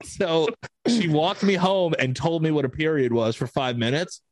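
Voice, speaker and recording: A man's voice: a little high, expressive, moderate pace, dry recording. A man in his twenties, co-hosting a podcast, telling a family story in a casual, rambling way and acting out the quotes. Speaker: podcast co-host.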